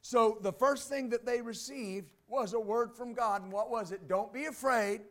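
A man's voice: very high-pitched, moderate pace, fairly bright tone. A male pastor preaching a sermon, reading scripture aloud and explaining it, pressing his points with repeated "amen" and "believe that.".

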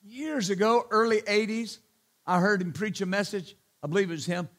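A man preaches in a notably high voice, punching his points with hallelujahs and amens. He is a middle-aged pastor who slips into teasing asides before returning to the sermon. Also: normal speed, fairly bright tone. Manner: emphatic, repeats hallelujah and amen, joking asides.

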